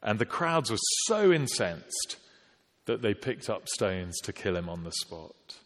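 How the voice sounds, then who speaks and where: A man preaching a sermon, measured and emphatic, slowing down to stress quoted scripture. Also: fairly low pitch, big pitch swings, a bit bright. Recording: long hall reverb.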